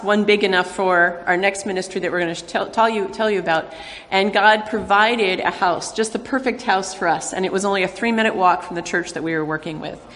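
A woman missionary addresses a church congregation in an ordinary mid-range voice. She pauses often and fills the gaps with "um." Her voice carries the long echo of a large sanctuary. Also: medium pitch, fairly bright tone. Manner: halting talk with many fillers. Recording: long reverb of a large hall.

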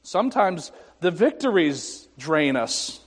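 A man preaching a sermon as pastor, slow and deliberate with dramatic pauses and wry, self-deprecating humor. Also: a little high, big pitch swings, slightly rough. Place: church sanctuary. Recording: echoey sanctuary reverb.

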